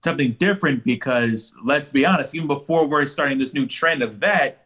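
A man co-hosting a podcast in casual chat, calmly arguing a point. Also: a little high, a little fast. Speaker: podcast co-host.

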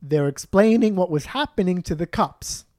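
Animated Palestinian guy telling a story. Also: sits high, moderate pace, no room sound, studio quality. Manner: animated, acts out voices, swears, laughs often. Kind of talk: casual storytelling chat.

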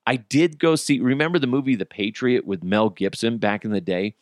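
A man's voice: fairly quick, dry recording, studio quality. A man hosting a casual solo podcast, ranting about movie theaters, swearing and laughing at his own stories. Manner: animated, swearing, laughing at his own stories, acts out bystanders in high voices. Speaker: podcast host.

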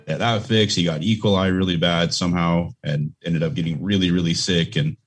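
A man's voice: low-pitched, fairly even intonation, a little fast. A man co-hosting a podcast, telling a family story in a plain, earnest way. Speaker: podcast co-host. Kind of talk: casual chat.

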